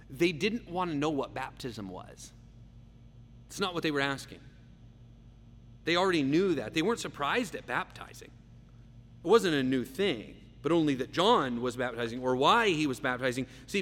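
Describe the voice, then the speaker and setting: A man preaching a verse-by-verse sermon, emphatic, slowing down and repeating key phrases for weight. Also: medium pitch, a bit bright. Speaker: pastor. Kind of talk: expository sermon. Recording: long reverb, faint hum.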